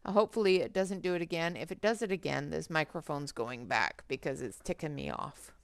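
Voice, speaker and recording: A woman's voice: low-pitched, a little fast, creaky, no room sound. A woman hosting a colouring livestream on a headset mic, chatting casually and greeting viewers by name as she works.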